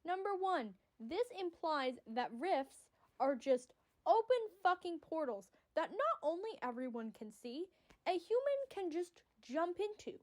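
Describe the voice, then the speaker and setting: A woman giving casual, excitable fan commentary on a story, rambling and swearing freely. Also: extremely high pitch, measured pace. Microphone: audio-only recording.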